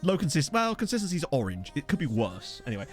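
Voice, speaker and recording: A man's voice: fairly high pitch, wildly swooping pitch, fast. Man, streamer, gameplay commentary, giggly and sweary, desk mic, faint music underneath. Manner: chatty, giggly, swears freely. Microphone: desk USB condenser mic.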